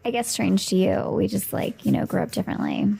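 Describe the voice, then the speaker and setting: A woman playing a tabletop game, chatting in character, full of "like" and quick asides. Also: medium pitch, lively intonation, creaky, warm tone, breathy edge, soft background music. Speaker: player. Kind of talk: casual in-character roleplay.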